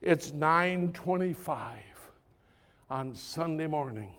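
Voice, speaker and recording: A male pastor preaching a sermon in a conversational, storytelling way, swinging from loud emphatic lines to hushed soft ones. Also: fairly high pitch, expressive, slow pace.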